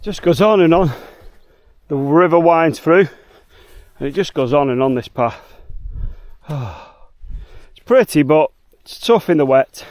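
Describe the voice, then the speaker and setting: A man's voice: fairly high pitch, animated, unhurried, pauses often, darkish tone, no echo. A chatty Liverpool man with a slightly raised voice talks straight to his viewers on a soggy fell walk. His delivery is slangy and cheerful, recorded on a handheld camera outdoors. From England. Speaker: hiking vlogger. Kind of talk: casual walking vlog. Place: outdoors on wet fells, later in a car.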